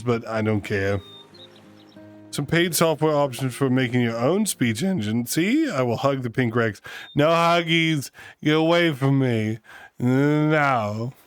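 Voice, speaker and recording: A man hosting a casual livestream, joking and ranting at his chat. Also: mid-range voice. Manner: joking, rants and teases chat. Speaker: streamer host.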